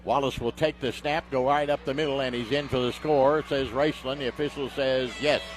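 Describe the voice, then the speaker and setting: A man doing play-by-play commentary of a high school football game on radio, getting loud and excited on big plays. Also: brisk, noisy background. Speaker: play-by-play announcer.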